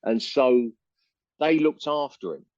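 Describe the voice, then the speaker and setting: A man's voice: mid-range voice, animated, slow pace, a little mellow, dry recording, dull audio. An older man with an East London accent, a musician telling long rambling anecdotes in a casual interview. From England. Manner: rambling anecdotes with frequent fillers and restarts.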